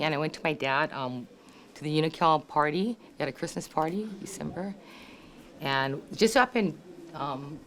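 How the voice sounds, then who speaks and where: A woman's voice: low-pitched, a little hiss or hum. Laughing Hawaii-accented older woman storyteller. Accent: Hawaii local English. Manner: chatty, laughs often, acts out relatives' voices. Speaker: family member sharing memories. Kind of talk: casual storytelling. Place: family reunion gathering.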